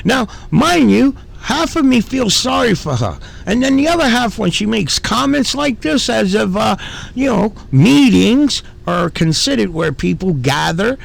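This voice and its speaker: Man, gravelly voice, higher pitch, indignant profane commentary rant. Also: very animated, measured pace. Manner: indignant, profane, repeats himself. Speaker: commentary channel host. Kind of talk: ranting commentary.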